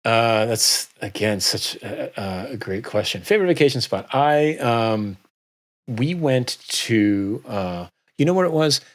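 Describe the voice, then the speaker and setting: A middle-aged man guesting on a podcast, talking in a relaxed, rambling way with many fillers. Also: mid-range voice, unhurried. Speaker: guest author. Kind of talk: casual interview chat.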